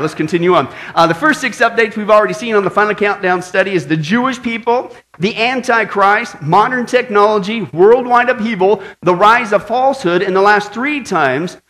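A man preaching a sermon as pastor, opening with a long joke and checking in with "right?" and "okay?" after nearly every line. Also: high-pitched. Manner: lively storytelling, frequent "right?" and "okay?" asides.

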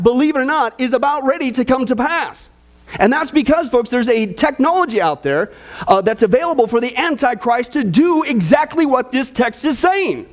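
A male pastor preaching a sermon, reading scripture aloud and asking the congregation questions. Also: very high-pitched. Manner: animated, asks the audience questions, reads scripture aloud.

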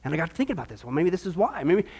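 A man preaching a sermon in an emphatic, animated, rhetorical way. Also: a little high, rapid-fire, vocal fry, husky.

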